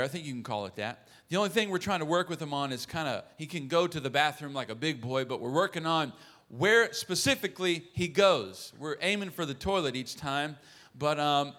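A man in his thirties preaching a sermon as a pastor, earnest and warm with joking asides to the congregation. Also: on the high side.

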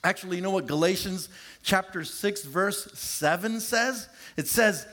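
A middle-aged male pastor preaching a sermon, animated and confessional, joking with his congregation and stretching words out for emphasis. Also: measured pace. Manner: animated and confessional, draws out words, shifts pitch sharply for emphasis; lively, joking asides to the congregation.

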